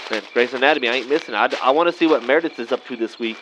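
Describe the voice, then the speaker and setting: A man's voice: medium pitch, rapid-fire, background noise, close to an everyday voice. A man playing a laid-back guy, rambling in slangy drawled talk full of "man" and "vato". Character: laid-back Mexican-American guy trick-or-treating with buddies.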